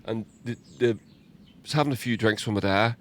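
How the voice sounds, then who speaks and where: A man's voice: lowish voice, moderate pace, crowd noise. A man, hosting a podcast and telling stories in a casual chat, swearing and laughing often. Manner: swearing, laughing, animated storyteller. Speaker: podcast host, musician. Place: garden outdoors.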